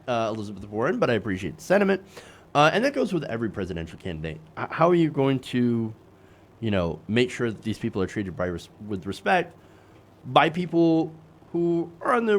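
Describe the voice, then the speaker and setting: A man hosting a political commentary show, sarcastic and self-correcting, with many fillers. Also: fairly high pitch.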